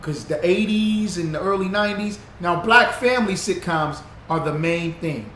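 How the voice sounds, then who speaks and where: A man's voice: high voice, normal speed, a bit bright. A man hosting a livestream, greeting viewers by name and teaching in a loose, repetitive, casual way that drives his points home. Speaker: livestream host reading viewer comments. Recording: roomy echo with faint background noise.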